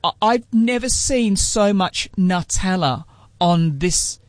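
A woman's voice: medium pitch, takes it slowly, no room sound. Chatty Australian woman radio host. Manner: chatty storyteller, playful. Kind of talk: casual radio banter. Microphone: studio microphone.

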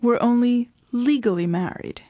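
A woman's voice: fairly high pitch, normal speed, no room sound, clean studio sound, voice pushed up, natural voice. A woman voicing a blunt, tough-minded young woman who speaks curtly and matter-of-factly. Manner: curt, sharp, matter-of-fact.

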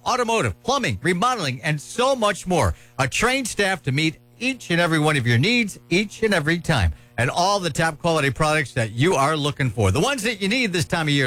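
Man, radio ad announcer, high voice, bouncy lively delivery, faint music bed. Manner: upbeat, salesy, lively delivery. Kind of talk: read radio commercial.

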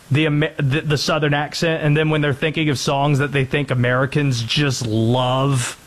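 A man hosting a casual sports talk show, rambling and animated as he talks. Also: on the high side. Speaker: host.

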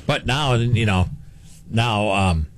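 A man's voice: lowish voice, slow, a little hiss or hum. Easygoing sports radio co-host man. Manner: easygoing, agreeable, laughs along. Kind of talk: casual sports talk.

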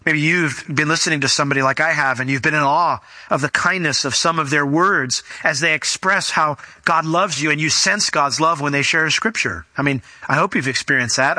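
A man's voice: on the high side, sharp tone, no room sound. A male pastor preaching a conversational sermon, emphatic and acting out quotes.

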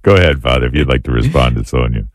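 Radio host, man, extremely deep voice, measured delivery, dry studio. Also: dry recording. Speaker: radio talk show host. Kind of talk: radio hosting.

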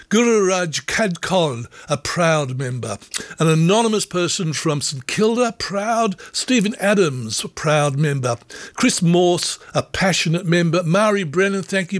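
A man with a fairly high voice reads name after name on community radio, grateful and upbeat as he thanks listeners. He sounds close and dry at the studio mic. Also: no room sound. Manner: upbeat, grateful, rattling through names. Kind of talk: reading out listener memberships on air. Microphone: studio microphone.

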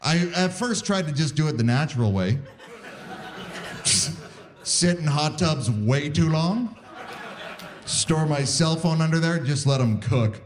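A man's voice: fairly high pitch, slow pace, long pauses, a crowd in the background. A man in his forties doing a wry stand-up set on stage, acting out little voices. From Canada. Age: 40s. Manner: wry, animated, acts out voices. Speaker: stand-up comedian. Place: live comedy venue with audience.

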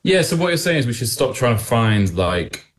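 A man's voice: mid-range voice, very animated, normal speed. An English man, a musician guest on a morning show, chatting casually with dry, rambling jokes. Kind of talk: casual interview chat.

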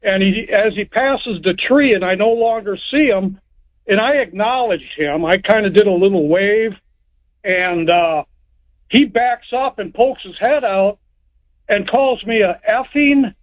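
A caller phones in to a radio show and tells a story in a rambling, plain-spoken way. His voice is high-pitched and his pace measured, heard through a telephone on a tinny phone line.

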